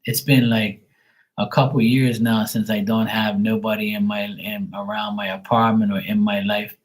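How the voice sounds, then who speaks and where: Low-voiced guy on a live stream, blunt, cusses a lot, casual chat. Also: flat delivery, moderate pace, poor audio. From Bermuda. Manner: blunt, swears freely. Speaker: tarot reader on a live stream.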